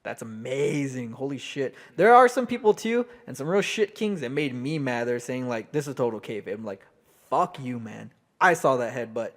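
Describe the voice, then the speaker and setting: A man co-hosting a casual podcast chat, his voice sitting at an everyday middle pitch. He tells his stories earnestly and with plenty of swearing. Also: animated, moderate pace. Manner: heartfelt, profane storytelling. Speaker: podcast co-host.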